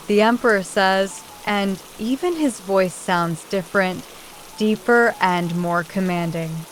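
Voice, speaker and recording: A woman reads an audiobook aloud in the first person, calm and measured. She reads very slowly at a middle pitch. Soft rain sits faintly behind her voice. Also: a little hiss or hum, poor audio. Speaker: audiobook narrator. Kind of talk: scripted first-person narration. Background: rain sound.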